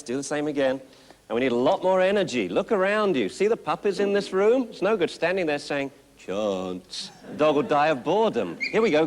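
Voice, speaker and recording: A man's voice: a little high, slight background noise. A man teaching a puppy training class, upbeat and coaxing, cheering the owners on. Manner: upbeat, coaxing, full of encouragement.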